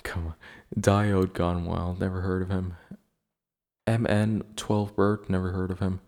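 A man's voice: low-pitched, level tone, measured pace, a little mellow. A man hosting a podcast in casual chat, blunt and profane as he rants. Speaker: podcast host.

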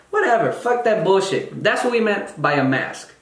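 A man's voice: on the high side, very animated, moderate pace, hardly any pauses. A young man telling a story in a casual monologue, blunt and heavily profane, mocking other people's voices. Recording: roomy echo.

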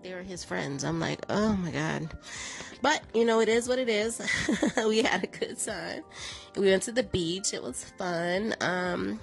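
A woman, chatting to her viewers and telling stories with laughs. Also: on the low side. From American South. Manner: chatty storytelling with laughs, acts out quotes. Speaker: vlogger. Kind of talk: casual chat to viewers.

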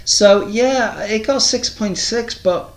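A podcast co-host with a high, slow voice chats casually, rambling through long stories and imitating what people said in other voices. The room sounds echoey.

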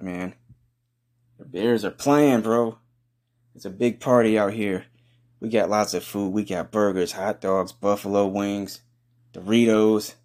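A man hosting a comedy podcast, giving a crude, boastful hype monologue full of rowdy trash talk and loud whoops. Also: lowish voice.

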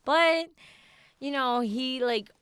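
A woman co-hosting a podcast, chatting casually and telling animated stories with plenty of swearing. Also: high-pitched, slow pace, clean tone. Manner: animated storytelling, swears freely. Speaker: podcast co-host. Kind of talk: casual chat.

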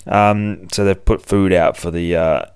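A man's voice: deep voice, fairly even intonation, unhurried, a little mellow, clear, resonant tone, dry recording, clean studio sound. A man hosting a podcast, casually recapping a comic book in a rambling, profane way, with lots of fillers. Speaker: podcast host.

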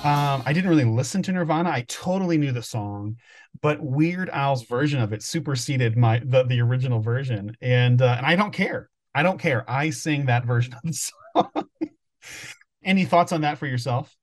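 A man's voice: mid-range voice, moderate pace. Chatty man co-hosting a podcast. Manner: chatty, laughs often, many restarts. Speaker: podcast co-host. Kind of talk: casual chat.

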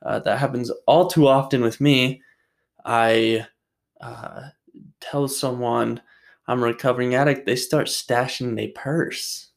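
With vocal fry in a mid-range, fairly even voice, a young Utah vlogger talks a little slowly while answering viewer questions. His manner is rambling and jokey, and he swears a great deal.

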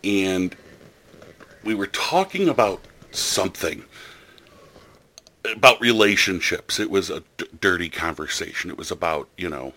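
A man's voice: low-pitched, expressive, measured pace, pauses often, sharp tone. A man hosting a podcast in casual chat, chatty and enthusiastic with a rambling way of telling stories. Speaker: podcast host.

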